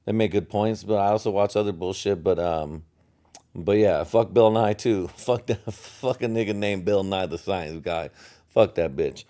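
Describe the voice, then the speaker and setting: A man's voice: low voice, moderate pace, mellow. A young American man hosting a solo podcast, rambling from topic to topic with heavy profanity and chuckles at his own jokes. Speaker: podcast host.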